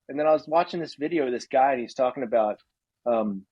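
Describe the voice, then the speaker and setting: A man's voice: mid-range voice, quick pace, darkish tone, husky, no echo, muffled recording. A man in his thirties co-hosting a podcast in casual chat, ranting and laughing at his own jokes. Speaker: podcast co-host.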